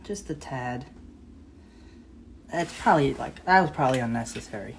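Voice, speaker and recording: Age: unknown. Sex: woman. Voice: quite low. Style: casual cooking livestream, chatty and rambling. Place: home kitchen with faint pan clatter behind. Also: lively intonation, normal speed, creaky, a little hiss or hum. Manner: chatty and rambling, self-correcting. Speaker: home cook hosting a live stream.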